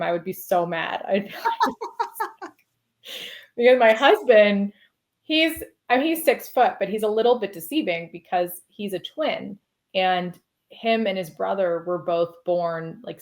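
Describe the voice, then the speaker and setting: A woman guest on a podcast, telling a story in a lively, casual way, laughing often and saying "like" a lot. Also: medium pitch, normal speed. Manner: animated, laughs often, heavy use of "like".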